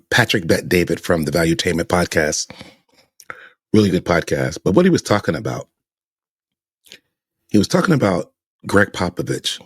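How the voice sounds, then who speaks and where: A man's voice: low-pitched, breathy edge, dry recording, clean studio sound. A man hosting a podcast, giving emphatic opinion commentary full of rhetorical questions. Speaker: podcast host.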